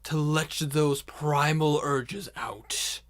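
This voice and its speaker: A man voicing a menacing male avatar spirit in a tabletop game, speaking slowly and ominously. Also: on the high side, little pitch movement. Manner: slow, drawn-out, louder ominous delivery.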